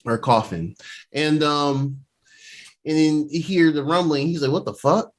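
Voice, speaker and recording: Recapping a TV episode in a relaxed way, this podcast co-host performs the characters' dialogue along the way. He speaks unhurriedly in a fairly high-pitched voice.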